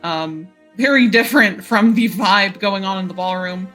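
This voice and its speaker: A woman narrating as game master of a tabletop game, unhurried, with many fillers and frequent laughs. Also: mid-range voice, fairly bright tone, faint music behind.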